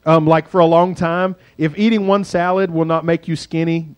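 Joking pastor preaching on a street corner. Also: male voice, on the high side, steady tone, normal speed, smooth, no room sound. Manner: conversational, joking asides. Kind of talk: sermon.

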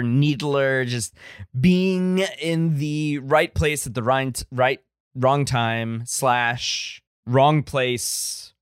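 A male podcast host chatting casually about classic films and wandering off on long tangents with plenty of restarts. His voice is smooth and clear, at a middle pitch. The sound is dry and close. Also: no echo. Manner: rambling, digressive, many restarts; enthusiastic about old films. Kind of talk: casual film-review chat.

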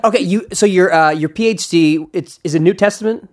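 A man's voice: high voice, a little fast. A young man hosting a podcast in casual chat, eager and rambling, often restarting his sentences and laughing along. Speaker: podcast host.

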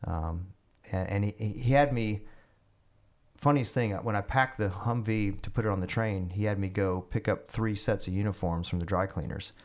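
A man, a guest on an interview podcast, telling long animated stories with lots of fillers and restarts. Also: on the low side, moderate pace. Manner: rambling, animated storytelling with many fillers and restarts. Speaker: guest musician and army veteran. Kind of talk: casual storytelling interview.

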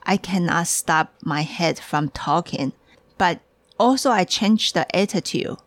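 A woman's voice: lowish voice, unhurried, no echo. A woman hosting a casual podcast, talking in a hurry and restarting her sentences as she gets ahead of herself. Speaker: podcast host and tea shop owner.

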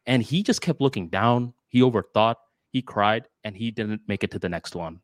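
A man's voice: medium pitch, moderate pace, hardly any pauses, dry recording, studio quality. Man telling stories on a podcast. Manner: storytelling, animated retelling. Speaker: podcast co-host. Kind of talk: casual podcast chat.

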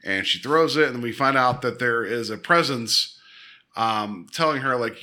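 A man co-hosting a podcast, casually and animatedly retelling an episode with lots of quick asides. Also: mid-range voice, bright, forceful tone. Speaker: podcast co-host. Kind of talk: casual chat.

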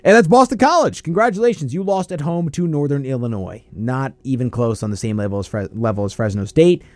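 A man hosting a casual college football talk show, breaking down games with quick asides. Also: mid-range voice, no echo. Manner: lively, animated analysis with quick asides.

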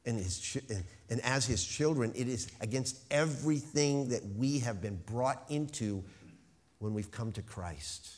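A man preaching a sermon, stressing key words with slow, emphatic phrasing. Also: medium pitch, darkish tone. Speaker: pastor.

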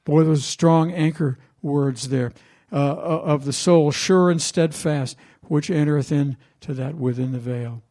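A male pastor gives a storytelling sermon in a conversational manner, often addressing questions to the congregation. His gravelly voice, a little high for a man, is warm and measured, with few pauses.

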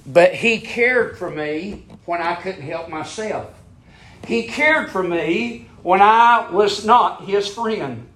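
Fervent high-voiced male preacher. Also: animated, takes it slowly, fairly bright tone. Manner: fervent, repetitive preaching cadence. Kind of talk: sermon.

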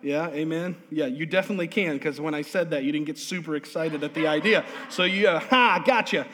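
High-voiced man preaching in a reverberant church. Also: fairly quick, a little hiss or hum. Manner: lively, humorous preaching with call-and-response. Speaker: pastor. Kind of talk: sermon. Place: church sanctuary. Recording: long hall reverb.

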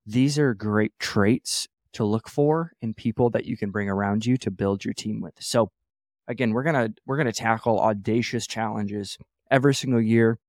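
A man's voice: fairly low pitch, normal speed, darkish tone, dry recording, studio quality. A man hosting a church leadership podcast, teaching in an emphatic motivational way, repeating phrases and correcting himself as he goes.

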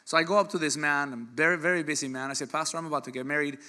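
A man preaching a sermon in an animated, joking way, with sudden loud bursts. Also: a little high, rapid-fire. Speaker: pastor.

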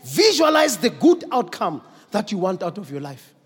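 A man preaching a sermon, moving from quiet, slow teaching up to shouted exhortation. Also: sits high, huge pitch swings, husky. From South Africa. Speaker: pastor. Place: large church hall. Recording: long church hall reverb.

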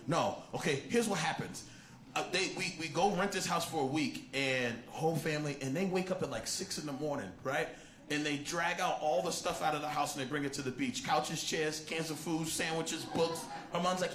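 A male stand-up comedian telling a story in an animated way, shouting when he acts out other people. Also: fairly high pitch, fairly quick. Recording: echoey club with loud crowd. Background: audience laughter and noise.

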